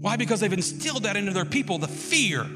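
A man preaching a sermon, telling a story with lively swings into shouting. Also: high voice, fast talker. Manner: animated storytelling, bursts into shouts. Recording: long hall reverb with loud music.

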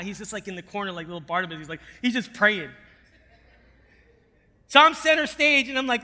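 High-voiced man preaching in a reverberant hall. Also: expressive, a little fast. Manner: swings from hushed storytelling to fervent preaching. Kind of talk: sermon testimony.

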